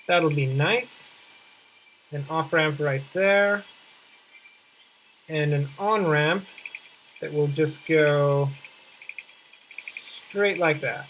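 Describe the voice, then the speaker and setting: A man's voice: fairly high pitch, drawn-out words, long pauses, a bit bright, a little hiss or hum, low-quality recording. A man giving casual let's-play commentary while building a city, chatty and wry, mocking himself and thinking aloud as he plays. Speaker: gameplay commentator.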